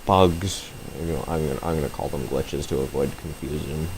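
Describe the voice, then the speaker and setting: A man streaming live gameplay, talking to his chat and reacting loudly to the game with frequent swearing. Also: a bass voice, normal speed, noisy background.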